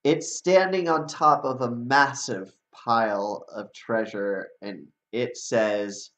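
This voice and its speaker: A man running a tabletop game as dungeon master, talking in an unhurried, halting way with plenty of uhs. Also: medium pitch, fairly bright tone. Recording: dull lo-fi audio.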